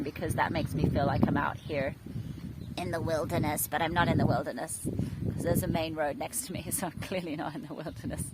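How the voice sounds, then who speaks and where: A woman, rambling chattily and mocking herself as she vlogs outdoors next to a main road. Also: lowish voice. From England. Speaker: vlogger. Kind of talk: casual vlog talk to camera. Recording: loud road noise outdoors. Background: loud traffic noise.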